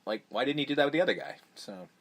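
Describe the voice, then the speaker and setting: A man hosting a podcast, chatting casually about a film in a rambling, profane way that gets animated when he mocks scenes. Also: mid-range voice, rapid-fire, slight background noise. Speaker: podcast host. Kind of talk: casual movie review chat.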